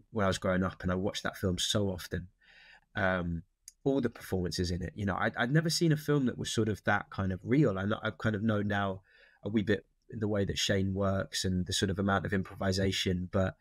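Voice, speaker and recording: A man chats as an interview guest, his voice sitting low and recorded close and dry. He wanders through his thoughts, restarting sentences as he goes. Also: no room sound. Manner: thoughtful, rambling with many restarts. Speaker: actor guest. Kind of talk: casual interview chat.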